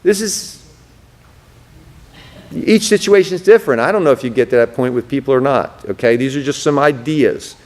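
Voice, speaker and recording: Pastor lecturing in an echoey hall. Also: male voice, medium pitch. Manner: conversational, often checks in with "okay?"; drops to a soft slow voice when modeling calm speech. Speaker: pastor teaching a counseling class. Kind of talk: classroom lecture. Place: church hall. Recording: echoey church room.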